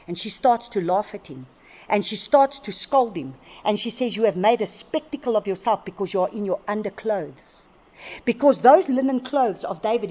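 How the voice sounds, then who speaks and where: A woman preaching at a conference, lively and storytelling, with acted asides. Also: a little high, a little hiss or hum. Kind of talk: conference sermon. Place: conference hall. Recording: roomy hall sound, dull audio.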